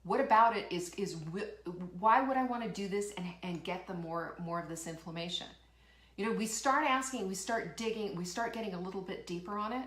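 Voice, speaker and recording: A woman's voice: medium pitch, brisk, fairly bright tone, echoey room. A woman hosting a live motivational talk show, fired up and emphatic, firing rhetorical questions and reading out viewer comments. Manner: reads out viewer comments and laughs. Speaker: host.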